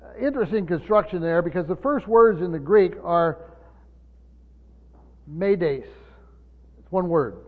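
High-voiced preacher guy teaching scripture, stops and repeats himself a lot, tinny phone-like sound w long echo. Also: animated. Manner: halting, repeats words, asks the room questions. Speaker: pastor. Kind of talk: Bible study sermon.

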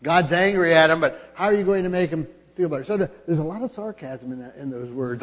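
A man preaching a sermon, halting, with many fillers and restarts, growing more emphatic as he goes. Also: a little high. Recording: long hall reverb.

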